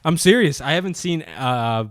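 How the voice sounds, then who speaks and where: Male co-host, slightly high, lively pitch, joker, dry close mic. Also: normal speed, dry recording. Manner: joking, laughs often, throws in gags. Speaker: podcast co-host. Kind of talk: casual chat.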